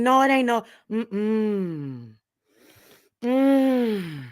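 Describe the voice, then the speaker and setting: A woman hosting her channel, ranting angrily at someone. She repeats herself, swears, and swings from low muttering to shouting. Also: lively intonation, normal speed, no room sound, clean studio sound. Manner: swears freely, addresses viewers directly. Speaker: channel host. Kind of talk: heated direct-to-camera rant.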